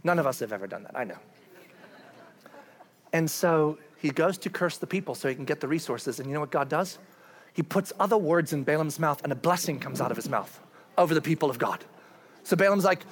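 Animated high-voiced preacher telling a story. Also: male voice, a little fast, breathy edge. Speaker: pastor. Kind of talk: sermon.

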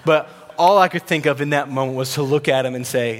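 A man's voice: a little high, steady tone, fairly quick, hardly any pauses. A young man preaching a sermon, telling stories and dropping to a near whisper when he voices God's words. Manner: storytelling, drops to a hush for God's words. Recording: long reverb of a large hall.

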